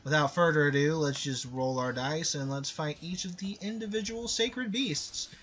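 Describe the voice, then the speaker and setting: A man's voice: fairly high pitch, normal speed, fairly bright tone. A man giving casual, sarcastic, rambling commentary over a game. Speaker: gameplay commentator.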